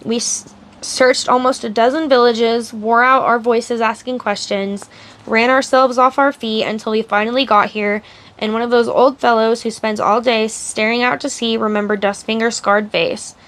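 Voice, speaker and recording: A woman reading aloud as a cruel male henchman, speaking softly and sneering. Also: on the high side, fairly even intonation, normal speed, close to an everyday voice. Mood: scornful. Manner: sneering, taunting. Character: menacing male henchman, soft-spoken and cruel.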